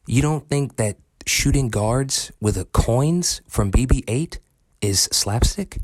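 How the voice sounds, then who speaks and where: A man's voice: medium pitch, very animated, normal speed. A man ranting in an angry, profane and sarcastic way in a commentary video. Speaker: film commentary vlogger.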